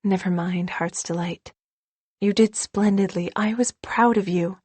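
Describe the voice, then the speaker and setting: A woman plays a gentle young mother in an audiobook. She talks softly and tenderly, slow and a little hushed. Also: medium pitch, steady tone, husky, no echo. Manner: soft and tender.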